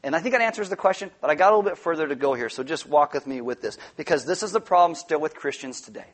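A middle-aged man preaching a sermon, joking and conversational, with quick asides to the congregation. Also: fairly high pitch, animated. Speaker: pastor.

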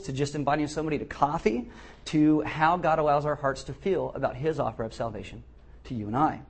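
Middle-aged male pastor, husky, slightly high voice, animated sermon delivery with acted-out asides. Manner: animated, acts out quoted voices.

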